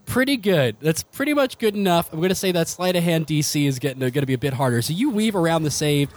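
Laughing game master narrating a tabletop game. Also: male voice, a little high, animated, fast talker. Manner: rambling, laughs often, many fillers.

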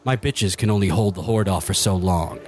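A man voicing a mysterious hooded young man who speaks in a calm, cryptic, commanding way. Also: low-pitched, moderate pace, background noise, voice pushed down, close to an everyday voice.

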